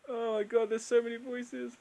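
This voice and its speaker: A man's voice: extremely high pitch, vocal fry, warm tone. A man hosting a live Q&A stream, chatting casually and laughing often as he answers viewers.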